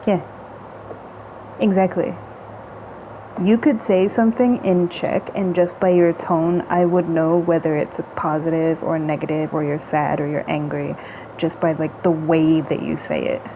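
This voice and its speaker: A woman in a casual chat, talking in a relaxed, chatty way with many "like"s and little humming sounds. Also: sits low, measured pace. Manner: relaxed, chatty, heavy use of "like" and hums; playful with tone, acting out little sounds. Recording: dull lo-fi sound with faint noise.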